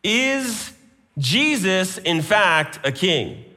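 A man's voice: sits high, very animated, very slow, pushed and bright. A man preaching a sermon, citing scripture references as he goes. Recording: long hall reverb.

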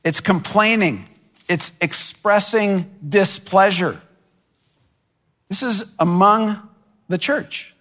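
A man delivers a sermon in a noticeably high voice, taking his time over each phrase. He speaks earnestly and now and then voices imagined complaints with mounting force. His words ring out with a long reverb, as in a large hall. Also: slow pace, pauses often, fairly bright tone. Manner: earnest preaching, voicing imagined complaints with rising intensity. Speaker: pastor.

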